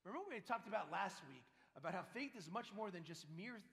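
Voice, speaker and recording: High-voiced priest preaching in an echoing church. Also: male voice, lively intonation, quick pace, fairly bright tone. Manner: emphatic, asks the congregation rhetorical questions. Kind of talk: sermon. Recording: long church reverb.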